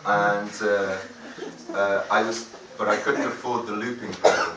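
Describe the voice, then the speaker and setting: A man's voice: on the low side, steady tone, unhurried, noisy background. A man, a singer-songwriter, chatting to the crowd between songs in a rambling, hesitant way, swearing freely, recorded live at a gig from an audience camera. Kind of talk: stage banter between songs. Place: live music venue. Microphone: far-off audience camera. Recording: echoey gig hall from far off.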